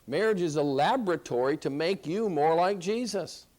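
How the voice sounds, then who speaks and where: A man teaches a Christian counseling class in a somewhat high, slightly mellow voice at normal speed. His lecture is animated and emphatic, repeating key phrases and posing rhetorical questions.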